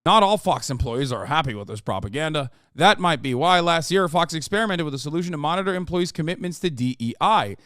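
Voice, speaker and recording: Male streamer, 30s, mocking and profane rant style, slightly high voice. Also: lively intonation, a bit bright, smooth, no echo, clean studio sound. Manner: profane, mocking rants, reads aloud fast. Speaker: streamer reacting to an article. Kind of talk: live stream commentary.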